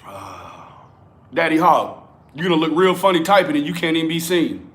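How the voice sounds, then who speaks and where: A young man rants through a livestream, his voice sitting a little high for a man. He is confrontational and profane, snapping at commenters by name between his points. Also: sing-song, moderate pace, fairly bright tone. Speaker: livestream host.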